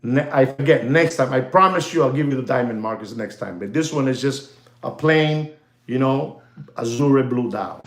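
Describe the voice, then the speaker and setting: A man's voice: mid-range voice, moderate pace. A man casually talking watches and the gold market to his viewers, rambling and repetitive, dropping "you know" and bits of Spanish slang. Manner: chatty, repeats phrases, many "you know"s, slips into Spanish slang; hypes and jokes with the audience, calls them "ladies and gentlemen". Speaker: watch dealer and market commentator. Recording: roomy echo.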